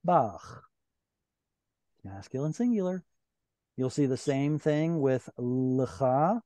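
Slow, mellow male Hebrew teacher. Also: mid-range voice, animated, no room sound. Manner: patient, explains grammar step by step. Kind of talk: online Hebrew class. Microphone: video call.

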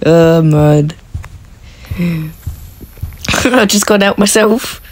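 A woman giving excitable, casual commentary while playing a horror game, yelping, laughing and talking to her teammates. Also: lowish voice, takes it slowly. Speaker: gaming video creator.

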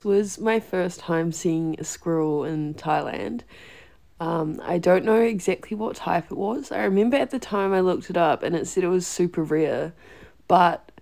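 A woman travel vlogger adding a relaxed, conversational voice-over to her video. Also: low voice, gravelly. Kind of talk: voice-over narration.

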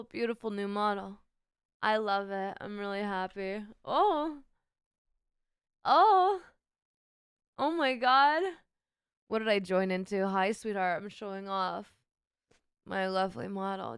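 A woman's voice: medium pitch, animated, measured pace, long pauses, clear, resonant tone, dry recording, clean studio sound. A young woman streamer with a sick, sore throat, chatting playfully with her viewers and swearing freely. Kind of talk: casual live-stream chat with viewers.

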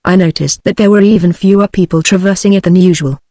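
A text-to-speech woman's voice with a British English accent, reading a book aloud in an even, synthetic manner. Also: fairly low pitch, quick pace, dry recording, clean studio sound. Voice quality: synthetic, evenly paced. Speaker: audiobook narrator.

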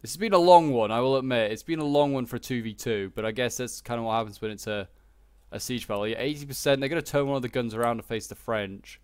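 A man talks through a strategy game battle in a loose, rambling way, full of "like" and "uh". His voice sits at an ordinary middle pitch. The recording is dry and close. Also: fast, darkish tone, clear, resonant tone, dry recording. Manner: chatty and rambling, many fillers like "like" and "uh". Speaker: gameplay commentator. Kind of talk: casual gameplay commentary.

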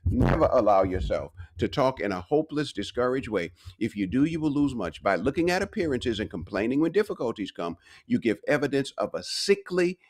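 A man's voice: medium pitch, sing-song, brisk, few pauses. A man giving a short devotional sermon, preaching with emphatic repetition and rising, driving phrases. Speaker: pastor and university speaker.

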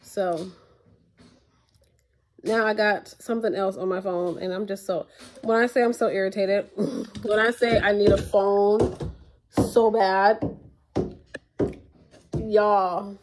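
A woman's voice: medium pitch, steady tone, slow, long pauses, a little hiss or hum. Chatty exasperated woman vlogging at home. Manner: chatty and exasperated, addresses viewers as y'all. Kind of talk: casual chat to camera. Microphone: tablet built-in mic.

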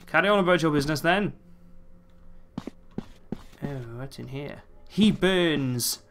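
A man narrating his own horror playthrough with a bright, slightly high voice. He jokes and curses throughout and talks back at the game characters. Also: slow pace, a little hiss or hum. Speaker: let's play host.

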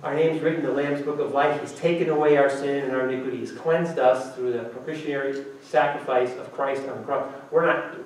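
A man preaching a sermon as pastor, lively and acting out quotes with sudden jumps in pitch. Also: a little fast, hardly any pauses, slight background noise. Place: church sanctuary. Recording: echoey church hall, mic from a distance.

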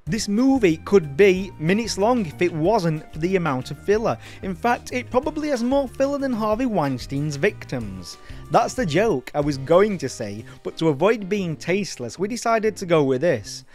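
A man's voice: high-pitched, sing-song, moderate pace, darkish tone, soft background music. A man hosting a comedic film review, sardonic, mocking and sweary.

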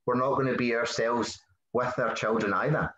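A man's voice: mid-range voice, steady tone, moderate pace, a bit bright. A man with a Scottish accent, a podcast guest chatting casually, rambling and swearing freely. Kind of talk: casual conversation. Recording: roomy, dull lo-fi sound.

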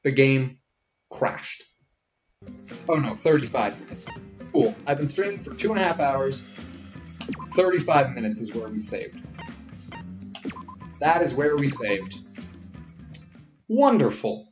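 Animated joking man streaming a game. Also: medium pitch, slow, long pauses. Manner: jokey, crude, animated reactions. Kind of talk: live gameplay commentary. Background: game music.

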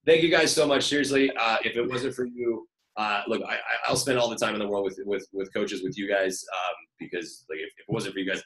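A man in his thirties talks quickly on a video call, full of "like" and "um", tossing in casual swears. His voice is bright and forward, and the room around him echoes. He sounds like a fitness trainer giving a team advice. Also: fairly low pitch. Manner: fast, filler-heavy, swears casually. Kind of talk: casual chat.

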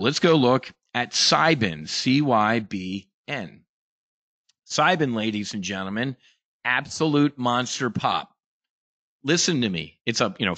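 Brief: a bright, forceful male host, brash and profane, pitching stocks in a dry close sound. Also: no room sound. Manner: brash, profane, emphatic salesman. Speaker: trading show host. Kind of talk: hyped investing pitch.

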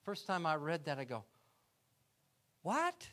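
A man preaching a sermon as a guest, telling Bible stories in a folksy way and swinging between loud and hushed delivery. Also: high voice, lively intonation, measured pace. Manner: folksy storytelling, acts out voices in retold scenes; swings from loud to soft, drops to a hush.

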